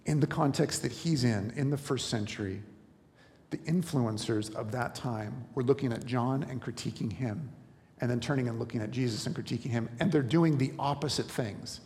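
Male pastor, mid-pitched, earnest sermon delivery with restarts, echoing church hall. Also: normal speed, a little mellow. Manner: earnest, explanatory, repeats words while building a point.

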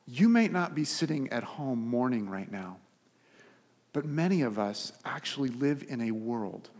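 Earnest male pastor in a reverberant hall. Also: lowish voice. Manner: earnest, building emphasis with repeated phrases then dropping to soft quotes. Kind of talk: sermon.

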